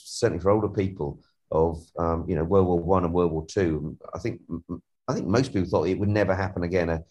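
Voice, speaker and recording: A man's voice: low voice, a little mellow. An English man with a cold, co-hosting a podcast over a remote call, chatty and jokey, with many restarts. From England. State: has a cold. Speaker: podcast co-host. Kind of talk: casual chat.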